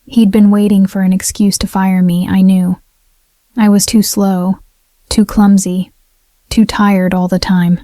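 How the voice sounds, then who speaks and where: A woman narrating a dramatic first-person story in a steady, even way. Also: medium pitch, measured pace, no echo, clean studio sound.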